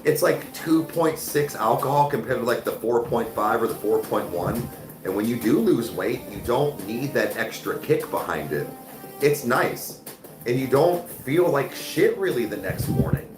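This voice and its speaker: Over music in a reverberant space, a man hosts a livestream and reads viewer comments in a loose, profane chat packed with "like," "dude" and "bro." His mid-range voice is expressive, and he keeps a measured pace.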